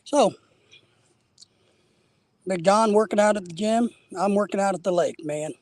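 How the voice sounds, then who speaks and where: A man's voice: high voice, a little slow, a little mellow, no echo. A man hosting a casual live stream while fishing outdoors at a lake, a little out of breath, rambling and greeting viewers by name.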